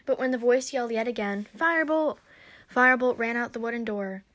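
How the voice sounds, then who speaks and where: A woman narrating a story aloud in a steady storybook reading. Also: on the high side, fast talker.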